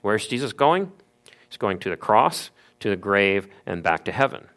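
A man's voice: lowish voice, sing-song, moderate pace, a bit bright. A man preaching an expository sermon, explaining the passage with rhetorical questions. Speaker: pastor.

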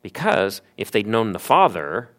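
Guy preaching, lowish voice, walks through the bible passage, asks the room lots of questions. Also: big pitch swings, measured pace, fairly bright tone. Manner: explanatory, emphatic with rhetorical questions. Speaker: pastor. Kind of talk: expository sermon.

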